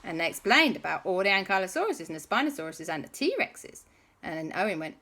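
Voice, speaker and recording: A woman telling an improvised children's story, animated, with sound effects and dramatic pauses. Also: lowish voice.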